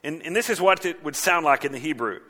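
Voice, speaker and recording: A man preaching a sermon as a pastor, animated, sometimes mimicking mocking voices. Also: on the high side, fast.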